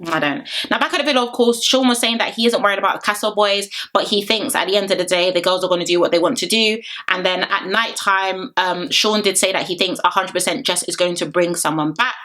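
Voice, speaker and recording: A chatty woman talks straight to camera, recapping a reality dating show episode in a casual vlog. She is animated, laughs often, and her voice sits at a middle pitch for a woman. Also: quick pace, hardly any pauses. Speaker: reality TV reviewer.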